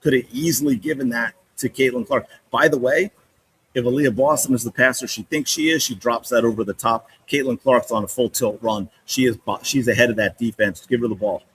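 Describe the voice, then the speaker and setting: A man hosting a sports podcast, breaking down game film with animated, exasperated commentary and repeating points for emphasis. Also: mid-range voice, fairly quick, husky, rough recording.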